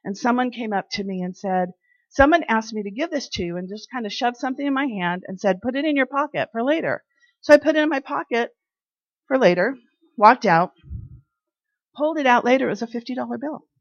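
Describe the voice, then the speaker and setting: A woman sharing personal faith testimonies in an animated way, acting out the dialogue in her stories. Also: a little high, no room sound. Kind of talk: personal devotional storytelling. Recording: dry, slightly dull lo-fi sound.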